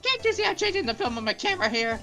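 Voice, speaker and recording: A woman voicing a brash young Southern woman photographer, pushing a Southern drawl with a loud, pushy manner. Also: very high-pitched, sing-song, faint music behind, voice pushed up, full character voice. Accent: attempted Southern drawl. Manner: loud, pushy, quick to bristle.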